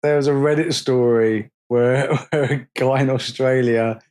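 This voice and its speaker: A man's voice: mid-range voice, measured pace. A man in casual podcast chat, telling stories with lots of laughter and acted-out quotes. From England. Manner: animated storyteller, laughs a lot, acts out quotes.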